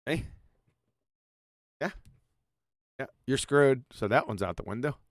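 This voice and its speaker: A man's voice: medium pitch, lively intonation, slow, dry recording, clean studio sound. A man giving a mocking, profane presentation over slides, sarcastically addressing an absent author as he goes. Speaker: video presenter.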